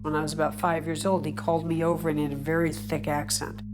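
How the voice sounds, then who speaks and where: A woman, a swimmer, recalling her life in an unhurried, reflective personal story. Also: low-pitched, level tone, rough recording. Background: instrumental music.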